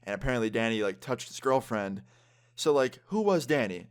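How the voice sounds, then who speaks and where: A man's voice: mid-range voice, clear, resonant tone. A young man telling a story casually, with lots of swearing and filler. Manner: fast, animated, lots of swearing and "like". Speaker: vlogger.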